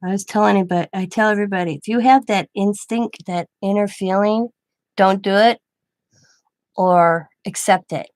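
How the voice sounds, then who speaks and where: A woman's voice: mid-range voice, moderate pace, darkish tone, no room sound. A grandmother who hosts a craft channel, telling a personal story in a rambling, chatty way and quoting others in her own voice. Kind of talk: casual storytelling.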